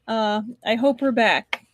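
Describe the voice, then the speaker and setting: A woman's voice: fairly high pitch, a little hiss or hum. Woman reading a novel on a live stream. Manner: chatty asides between narration.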